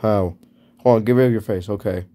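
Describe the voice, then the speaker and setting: A man voicing an eager, naive hero who talks quickly in a doodle story. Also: fairly low pitch, dark tone, a little hiss or hum, natural voice.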